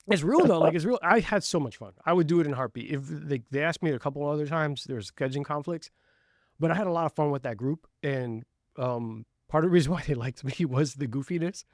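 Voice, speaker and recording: A man with a fairly high voice hosts a relaxed podcast chat. He tells stories in an animated, laughing way. The sound is dry and close. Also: a little fast, dry recording. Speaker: podcast host. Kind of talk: casual interview chat.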